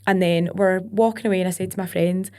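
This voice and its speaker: A woman's voice: on the low side, fairly even intonation, darkish tone. A young Scottish woman with a Glaswegian accent, a country singer chatting casually as a podcast guest and telling stories with local words. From Scotland. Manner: chatty storyteller, quick asides with local words like wee and aye. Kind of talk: casual interview chat.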